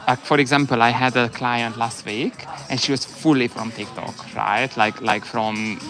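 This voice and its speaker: A man's voice: medium pitch, fairly even intonation, moderate pace, music in the background. A man in his thirties, a hairdresser, chatting in a bubbly, rambling way and laughing often. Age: 30s. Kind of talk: casual chat. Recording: noisy background.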